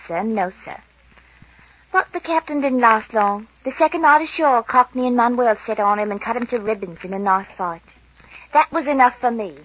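An actress playing a young English lady's maid stranded on an island, with an English accent and a husky voice, in 1940s radio acting style. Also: on the high side. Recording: dull old radio broadcast.

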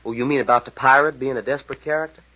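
An actor playing a brash, easygoing young pilot sidekick with a breezy, slangy manner and a husky voice, in 1940s radio acting style. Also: male voice, medium pitch, fairly even intonation, racing, close to an everyday voice. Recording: dull old radio broadcast.

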